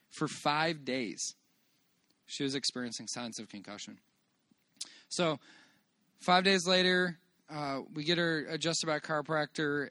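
A man telling a personal church testimony to a congregation in a church meeting room, earnest and halting as he restarts phrases and praises God. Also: mid-range voice, pushed and bright, dry recording. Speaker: father giving a church testimony.

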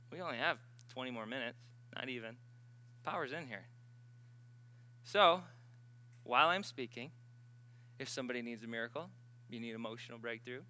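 A man preaching at a healing service, telling stories with sudden bursts of excitement. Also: mid-range voice. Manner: animated storyteller, bursts of excitement. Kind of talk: sermon.

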